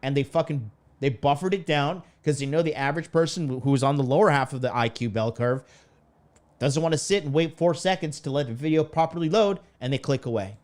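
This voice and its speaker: A man's voice: a little high, fairly quick, darkish tone. A man streaming live, ranting in a profane, fired-up, preachy way as a dating coach. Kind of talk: casual livestream rant.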